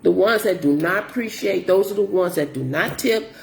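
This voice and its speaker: A woman's voice: fairly low pitch, moderate pace, creaky, roomy sound, slight background noise. A middle-aged woman, a grocery delivery shopper telling stories in a casual vlog, repeating herself as she vents about rude customers. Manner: animated, repetitive, exasperated retelling.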